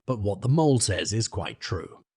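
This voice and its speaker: Stern wise old badger, read by a man; low and husky. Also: lively intonation, moderate pace, darkish tone, dry recording, clean studio sound. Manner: severe and grave.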